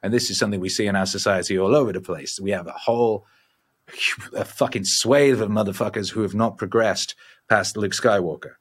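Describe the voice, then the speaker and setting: A musician in his forties, guesting in a casual interview, tells rambling, profane stories with animated energy. He speaks briskly in a lowish, slightly rough voice.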